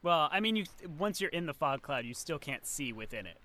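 A man's voice: on the high side, very animated, brisk, sharp tone, dry recording. A man narrating as game master in a tabletop game, describing scenes loosely with many fillers.

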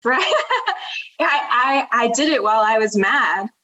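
A woman's voice: a little high, measured pace, a crowd in the background. A young woman artist chatting as a podcast guest, rambling with lots of fillers and laughing often. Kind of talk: casual conversation.

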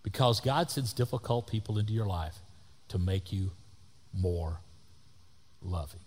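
A man, a pastor telling a story in a sermon, folksy, swinging between loud and soft. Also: sits low, unhurried, long pauses, a little hiss or hum. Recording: long hall reverb.

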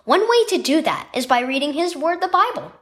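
A woman doing a calm, teaching father. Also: sits high, brisk, voice pushed up. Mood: instructive. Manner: gently instructive. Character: patient calm father of two boys. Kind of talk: children's devotional story reading.

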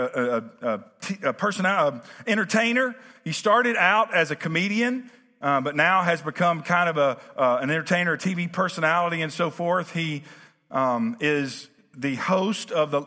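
Male pastor, high voice, conversational sermon with fillers, emphatic build, big church reverb. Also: pushed and bright. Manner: conversational with many fillers and restarts; rising to emphatic preaching cadence. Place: church sanctuary.

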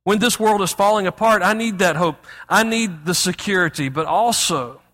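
A man with a high, bright voice delivers an expressive sermon as a pastor. He reads scripture aloud and leans hard into each point. The sound rings out in a large church sanctuary with long reverb trailing behind every phrase. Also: moderate pace.

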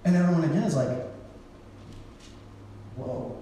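A man's voice: fairly high pitch, animated, normal speed, dark tone, recorded from a distance, a little hiss or hum. Man preaching in an echoey hall. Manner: casual storytelling with playful voices for quoted people. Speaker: pastor. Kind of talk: sermon.

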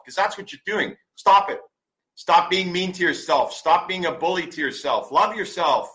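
A man's voice: high-pitched, pushed and bright, low-quality recording. A man in his forties hosting a podcast, delivering a blunt motivational monologue full of swearing and repeated commands. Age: 40s. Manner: emphatic, blunt, swears often; preachy, repeats commands for stress. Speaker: podcast host.

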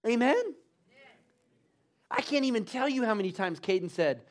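A man's voice: extremely high pitch, animated, normal speed. A man preaching a sermon in a church, emphatic and full of call-and-response urging.

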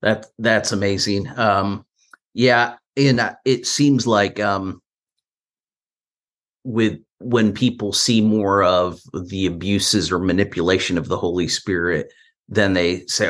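A man's voice: on the low side, fairly even intonation, slow pace, fairly bright tone. A man hosting a podcast interview, asking questions in a conversational, hesitant way with many fillers. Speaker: podcast host. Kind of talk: casual interview chat.

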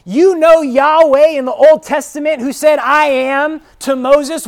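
A preacher delivering an expository sermon, stressing single words and rising to shouted declarations. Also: high voice. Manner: slow, deliberate emphasis on single words.

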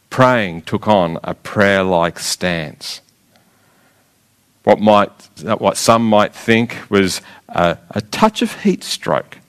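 A man preaching a sermon, retelling a scripture story in a measured, emphatic way with rhetorical pauses. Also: fairly low pitch, clear, resonant tone.

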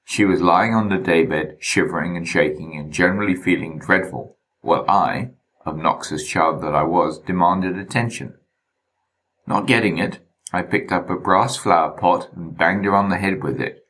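A man reading his memoir in a wry, deadpan way. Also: low-pitched, moderate pace. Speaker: narrator.

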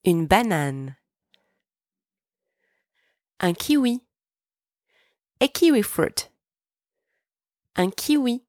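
A woman teaching a podcast French lesson, pronouncing each word slowly and clearly so listeners can repeat after her. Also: mid-range voice, big pitch swings, darkish tone, dry recording, studio quality. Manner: clear, slow, deliberate pronunciation for repeating. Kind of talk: podcast language lesson with repetition drills.

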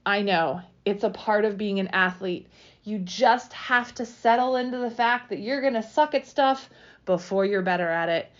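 A woman in her thirties hosting a solo podcast, coaching athletes in an energetic, direct, motivational way. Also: medium pitch, normal speed, dull audio. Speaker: podcast host and roller derby fitness coach.

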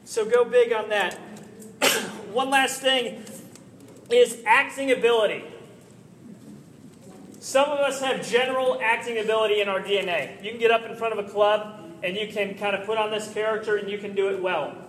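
A man with a high, bright voice coaches his listeners earnestly, dropping in frequent "right?" check-ins. The sound carries a long echoey hall reverb and faint background noise. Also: steady tone, normal speed. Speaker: presenter giving training tips. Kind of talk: instructional talk.

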